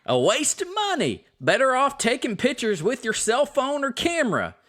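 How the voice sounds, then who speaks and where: An indignant Southern tourist, high-pitched and full of grievance, as a man puts on the voice for a laugh. The put-on Southern accent lands hard and the voice swings wildly up and down with outrage. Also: huge pitch swings, a bit bright, heavily acted. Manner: high, indignant, drawn-out complaining. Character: shrill angry Southern theme park tourist. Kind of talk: reading reviews in a comic voice.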